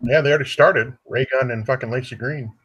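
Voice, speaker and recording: A man's voice: mid-range voice, fast, a bit bright, breathy edge, highs cut off. A man co-hosting a casual podcast chat who talks in a laid-back way, agrees a lot and keeps saying "dude".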